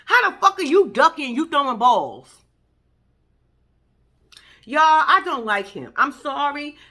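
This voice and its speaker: A woman's voice: high voice, sing-song, measured pace, sharp tone. A woman giving casual reaction commentary as a vlogger, blunt and profane, ranting in exasperation.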